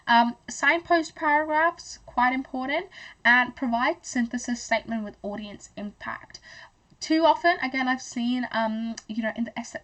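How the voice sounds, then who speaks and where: A young Australian woman tutoring high-school English, chatty and full of fillers and self-corrections. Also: fairly bright tone. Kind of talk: explanatory tutoring lesson.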